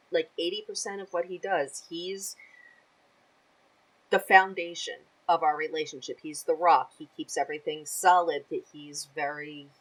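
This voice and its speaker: A woman's voice: low voice, a bit bright, rough recording. A woman guest on a podcast, chatting casually and animatedly and laughing easily. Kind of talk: casual chat.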